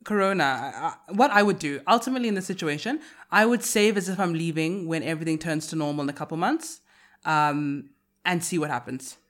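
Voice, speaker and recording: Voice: mid-range voice, brisk, fairly bright tone. A podcast co-host in reflective casual conversation, thinking aloud with many restarts and trailing clauses.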